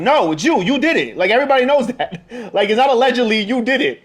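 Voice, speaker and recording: A man's voice: very high-pitched, lively intonation, fast talker, few pauses. A man co-hosting a podcast, chatting loosely, with frequent stammers and restarts. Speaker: podcast co-host. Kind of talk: casual chat.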